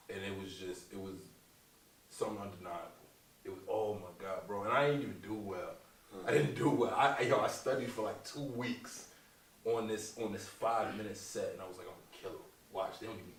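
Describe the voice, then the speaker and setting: Animated low-voiced man, echoey distance. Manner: animated, laughing, profane, slangy. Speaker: comedian guest. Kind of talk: casual interview storytelling. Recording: echoey room, distant mic, faint noise.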